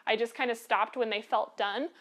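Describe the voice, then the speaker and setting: A woman's voice: a little high, fairly even intonation, normal speed, fairly bright tone. An American woman hosting a quilting lesson, chatty and encouraging, with frequent filler ums. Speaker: quilting show host. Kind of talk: live online quilting lesson.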